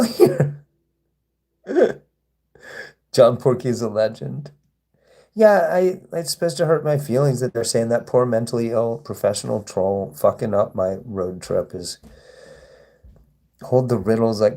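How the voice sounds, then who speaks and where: Male streamer, provocative and baiting, reads comments aloud, middle-pitched voice. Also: dark tone. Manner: taunting, provocative, swearing; reads viewer comments aloud and answers them. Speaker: livestreamer. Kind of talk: live stream reading chat comments and replying.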